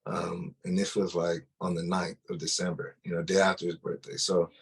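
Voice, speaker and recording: A man speaks in a low, slightly raspy voice as he recounts his own story. His telling is casual and unpolished, with frequent restarts and fillers. It sounds like a personal testimony told to a listener. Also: flat delivery, moderate pace. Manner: loose and conversational, full of "like" and restarts.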